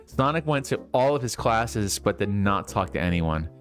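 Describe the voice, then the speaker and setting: A man reading fan fiction aloud in a deadpan, amused way. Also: on the low side, moderate pace, faint music behind. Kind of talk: comic public reading.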